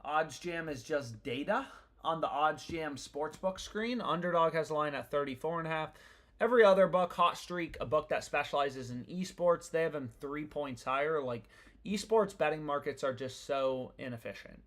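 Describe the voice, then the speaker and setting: A man's voice: fairly high pitch, normal speed, fairly bright tone. A young man chatting casually on a live stream about sports bets, slangy and profane, rambling from thought to thought. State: annoyed.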